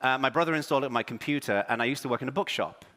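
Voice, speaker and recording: A man from England with a half-English, half-American accent, giving a joking, self-deprecating, energetic conference keynote on stage. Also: medium pitch, racing, big-room sound. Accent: English with American influence. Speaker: keynote speaker. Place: large conference hall on stage.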